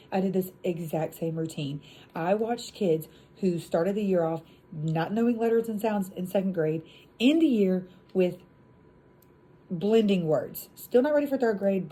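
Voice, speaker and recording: A woman in her thirties, an elementary school teacher, casually explaining a phonics routine and acting out the classroom chants with drawn-out letter sounds. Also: on the low side, dark tone, rough recording.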